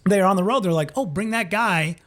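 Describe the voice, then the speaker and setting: A man's voice: high-pitched, fast. A man from Minnesota, a comedian and former radio host, telling casual stories as a podcast guest and acting out other people's lines. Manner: animated, acts out other people's lines in quoted voices. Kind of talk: casual storytelling in a podcast interview.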